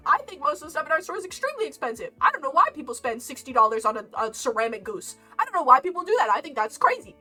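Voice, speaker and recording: A woman streamer telling work stories in casual chat, animated and laughing often, with mock exasperation. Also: high-pitched, very fast, few pauses. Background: lo-fi game music.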